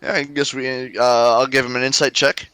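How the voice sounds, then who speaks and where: Bright, crisp-voiced male player. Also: medium pitch, flat delivery, moderate pace. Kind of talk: casual tabletop play.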